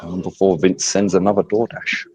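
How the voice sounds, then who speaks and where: A man's voice: low-pitched, little pitch movement, normal speed, lo-fi sound, very noisy. A man co-hosting a live stream, chatting in an easygoing way and swearing casually.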